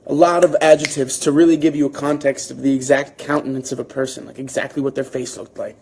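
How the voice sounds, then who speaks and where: A man hosting a book club, reading a novel aloud and then reflecting on it in a thoughtful, halting way, with frequent restarts. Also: medium pitch, fairly even intonation, vocal fry, a little mellow, slight background noise. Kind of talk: reading aloud and casual commentary.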